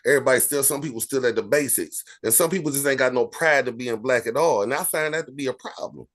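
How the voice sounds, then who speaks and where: A man's voice: medium pitch, fast, fairly bright tone. A man in a casual group discussion, speaking in an emphatic, rambling way. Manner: emphatic, rambling, repeats phrases. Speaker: discussion participant.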